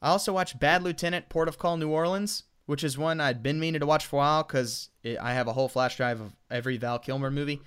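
Talking fast with hardly any pauses, he has a slightly high, smooth, somewhat bright voice. He co-hosts a podcast and, with his American South background, rambles through movie opinions with plenty of restarts.

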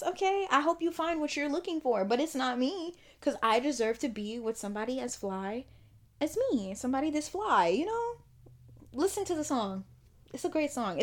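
A woman's voice: sits high, a little mellow. A young adult woman hosting a podcast, telling a personal story in an emphatic, repetitive, sassy and emotional way. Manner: emphatic, repeats phrases, swings between sassy and tearful. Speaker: podcast host.

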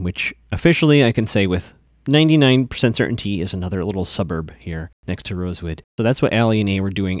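A man's voice: on the low side, no room sound, clean studio sound. A man hosting a podcast, recapping a TV episode in a chatty, digressive way with lots of fillers and restarts.

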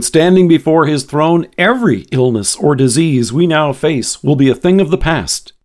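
A man delivering a scripted devotional sermon in a measured, earnest reading voice. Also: on the high side. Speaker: devotional speaker.

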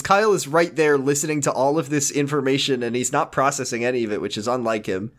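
A man's voice: medium pitch, fast talker, few pauses, a bit bright. A man chatting casually on a podcast, recapping a show and acting out characters' lines in silly voices. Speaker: podcast co-host.

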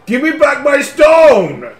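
A man voicing a furious mountain spirit that screams slow, drawn-out demands. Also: very high-pitched, wildly swooping pitch, voice pushed up, full character voice. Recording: echoey room with background music.

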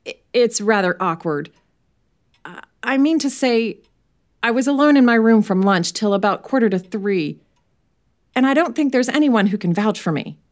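Woman reader plays a nervous young widower; stammers, higher voice, falters. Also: animated, moderate pace, natural voice. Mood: flustered.

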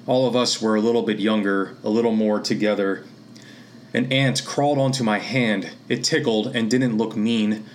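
Low-voiced man reading a story. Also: fairly even intonation, moderate pace, a little hiss or hum. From Pennsylvania. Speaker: author and reader. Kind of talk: reading literary fiction aloud.

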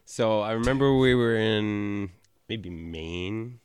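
A man chatting on a podcast and telling a story in a hesitant, halting way. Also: fairly low pitch, steady tone, clean tone, no echo, studio quality. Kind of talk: casual chat.

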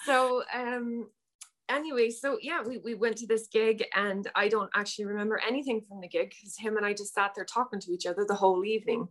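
A young woman recounts her story in a relaxed, chatty way, laughing often and doubling back on her words. Her voice sits in an ordinary middle pitch. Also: a little fast. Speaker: guest. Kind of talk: storytelling in casual chat.

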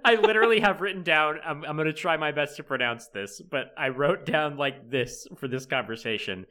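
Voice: medium pitch, a little fast, hardly any pauses, sharp tone. A podcast co-host adding playful asides in casual comedic chat.

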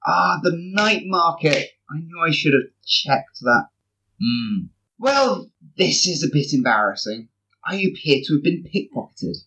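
A player voicing a smooth-talking male trickster, effusively polite and theatrical. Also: mid-range voice, big pitch swings, a little slow, pushed and bright, exaggerated voice, low-quality recording. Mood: courtly.

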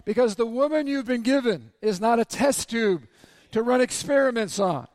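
Male pastor with a high voice and a slightly raspy throat, lively sermon full of crowd questions, dry close sound. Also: moderate pace, no echo. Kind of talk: sermon to a congregation.

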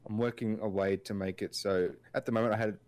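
A man's voice: on the low side, steady tone, quick pace, darkish tone. A man co-hosting a casual podcast, rambling through his points with lots of filler words and restarts. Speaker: podcast co-host. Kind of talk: casual chat.

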